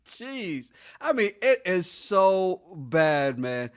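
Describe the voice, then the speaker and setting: A man's voice: high-pitched, very animated, very slow, smooth. A man co-hosting a podcast in casual chat, laughing often and reading out listener comments. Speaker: podcast co-host.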